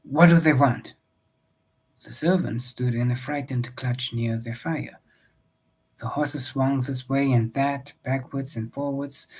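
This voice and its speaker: A man reading a novel aloud in a steady, measured storybook narration. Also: mid-range voice, slightly rough, rough recording. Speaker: audiobook reader.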